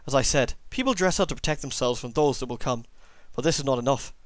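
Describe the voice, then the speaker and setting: Man voicing an older village woman, folklore teller, put-on accent, dry close sound, mid pitch. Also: fast, no echo, close to an everyday voice. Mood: solemn. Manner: reads dialogue aloud in a put-on accent. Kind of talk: let's play character voicing.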